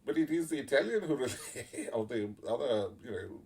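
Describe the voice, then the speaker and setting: A man giving casual spoken commentary, blunt and sardonic, swearing freely and pausing often on fillers. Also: mid-range voice, big pitch swings, darkish tone. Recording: voice a little far from the mic.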